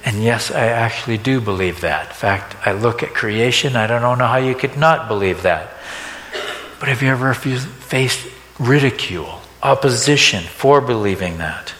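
A male pastor preaches in a plain, conversational way. He keeps turning to the congregation with quick rhetorical questions. His voice sits at an ordinary middle pitch and rings through a large hall with a long reverb. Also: expressive, fairly bright tone. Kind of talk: sermon.

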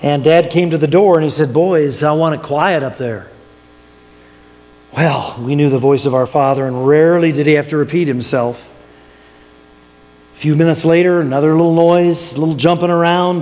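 An older man tells a sermon story in a folksy, chuckling way. His voice sits a little high for a man. It rings out in a large church with a long reverb tail. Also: mellow. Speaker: preacher.

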